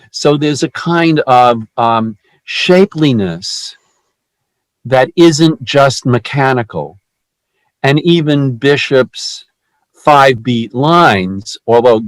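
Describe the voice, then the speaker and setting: A man runs a poetry discussion group, speaking haltingly with frequent restarts and fillers. His voice is mid-range, and the rough recording has no echo.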